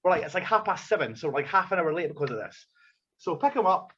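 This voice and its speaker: A man's voice: a little high, fast talker, muffled recording, a little hiss or hum. A man, a wrestler, tells a profane anecdote on a podcast, swearing freely and acting out the scenes. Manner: swears a lot, acts out scenes, animated storyteller. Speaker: wrestler telling a story as a podcast guest.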